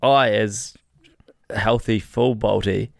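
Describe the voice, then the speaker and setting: Low, gravelly New man, crude joking podcast co-host, dry close mic. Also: steady tone, slow, no echo. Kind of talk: casual comedy podcast chat.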